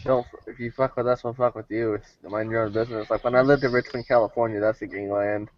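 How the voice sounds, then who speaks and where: A man's voice: medium pitch, steady tone, fast talker. A man telling a story in a laid-back way, swearing freely in a casual podcast chat. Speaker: podcast co-host. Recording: dry, dull lo-fi sound.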